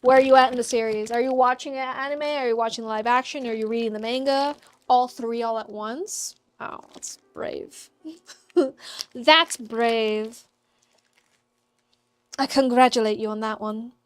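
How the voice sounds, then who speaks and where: A woman's voice: a little high, fairly even intonation, measured pace, clear, resonant tone. A woman hosting a craft livestream, chatting upbeat with her viewers and laughing often while she works. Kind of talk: casual chat with live chat while crafting.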